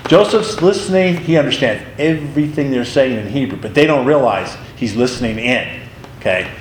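A man's voice: medium pitch, moderate pace, reverberant, a little hiss or hum, poor audio. A man teaching a Bible class in a casual way, retelling the story with animation and acting out the figures' lines.

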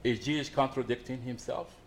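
A middle-aged man preaching a sermon as pastor, swinging between raised emphasis and quiet asides. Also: medium pitch, fairly quick.

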